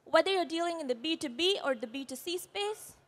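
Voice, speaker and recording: A woman's voice: very high voice, animated, a little fast. A woman with an Indian English accent giving a conference presentation, explaining earnestly while her voice quivers after an accident. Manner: earnest, explanatory, with brief apologies. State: voice quivering, shaken. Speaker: conference speaker. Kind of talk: presentation talk. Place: conference stage.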